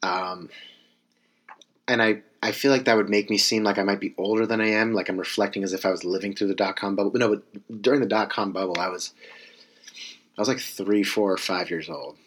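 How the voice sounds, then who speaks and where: A man's voice: fairly low pitch, a little fast, a bit bright. A young man in his twenties from California, giving a rambling, self-correcting comedic monologue with wry asides.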